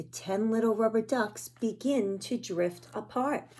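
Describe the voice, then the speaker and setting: A woman reads a picture book aloud to young children at a slow, gentle pace. Her voice sits at a middle pitch, and she stops to point out the pictures. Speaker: children's storyteller.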